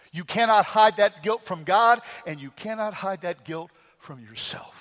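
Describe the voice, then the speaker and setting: A man with a notably high voice preaches a sermon, building his points through homely stories and rhetorical questions. His voice rings out in a hall with a long, lingering reverb. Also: a bit bright. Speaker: pastor.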